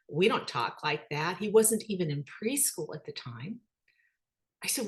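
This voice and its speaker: A middle-aged woman telling personal stories about her children in an animated way, voicing their dialogue. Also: slow pace. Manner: animated, acts out quoted dialogue with rising pitch. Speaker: speaker, children's book author. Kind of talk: personal storytelling talk.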